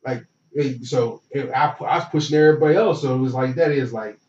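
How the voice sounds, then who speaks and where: A young man telling a college football story in relaxed, slangy talk, acting out what others said. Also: mid-range voice, quick pace, slight background noise. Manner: relaxed, slangy, animated retelling with quoted dialogue. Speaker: former football player, guest. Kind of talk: casual storytelling. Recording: roomy, distant, dull lo-fi sound.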